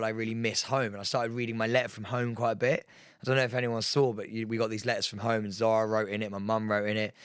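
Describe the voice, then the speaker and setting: Guy rambling excitedly on a podcast, mid pitch, dry close mic. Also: clean tone, no room sound. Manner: excitable, rambling storyteller with many fillers. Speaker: podcast co-host. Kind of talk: casual chat. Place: podcast studio.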